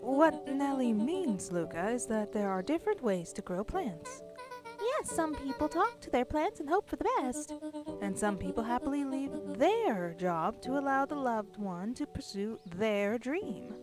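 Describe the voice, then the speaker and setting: Brief: woman voicing a gentle, measured game mom, slow and careful. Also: sits high, very animated, music in the background, voice pushed up. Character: adult woman, gentle gardener, careful mother figure.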